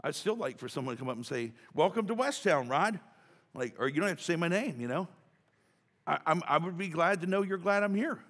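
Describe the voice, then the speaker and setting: A man's voice: a little high, lively intonation, quick pace, fairly bright tone. A man preaching a casual, joking sermon as pastor, talking chattily with many restarts and asides. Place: church sanctuary. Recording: church hall reverb.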